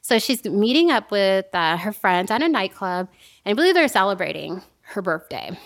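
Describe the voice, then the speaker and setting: A woman casually telling a story to a friend on a podcast, animated and laughing often. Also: medium pitch, moderate pace.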